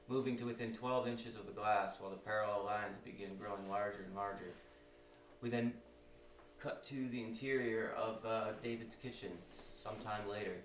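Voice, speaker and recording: A man's voice: fairly low pitch, distant mic. Male narrator for stage directions; roomy, echoey live-reading sound with faint background noise. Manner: steady, descriptive reading.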